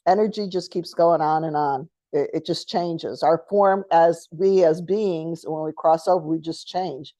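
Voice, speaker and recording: A woman's voice: deep voice, fairly even intonation, measured pace, few pauses, mellow, no echo. A middle-aged woman co-hosting a spiritual talk show, chatting casually and telling stories with a laugh. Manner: storytelling, chatty, laughs often. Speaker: podcast co-host.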